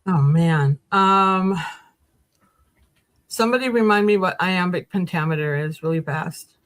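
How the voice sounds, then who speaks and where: A woman's voice: fairly low pitch, a little slow. A woman on a podcast panel, flustered and giggling while getting ready for an improv challenge. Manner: flustered, giggly, nervous fillers. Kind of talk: casual podcast chat, improv.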